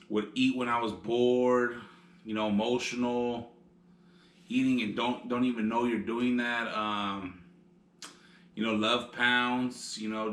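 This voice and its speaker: A man's voice: mid-range voice, bright, forceful tone, reverberant. A man co-hosting a casual vlog, rambling with lots of filler phrases as he talks. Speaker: vlog co-host. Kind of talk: casual chat.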